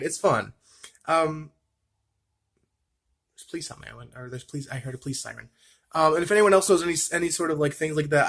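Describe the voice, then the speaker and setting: Guy vlogging, slightly high voice, rambly and chatty, keeps repeating tongue twisters. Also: fairly bright tone. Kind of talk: casual chat to camera.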